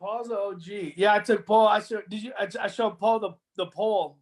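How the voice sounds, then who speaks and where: Man, podcast host, casual chat, animated storyteller, swears freely. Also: high-pitched, brisk.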